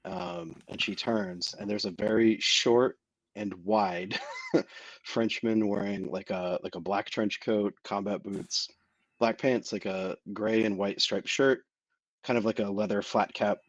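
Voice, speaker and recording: A husky-voiced man, pitched low, talks through his character's look in a loose, rambling flow. His speech is dry and close, peppered with fillers. It is a tabletop game player's casual narration. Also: fairly even intonation, a little slow, no echo, low-quality recording.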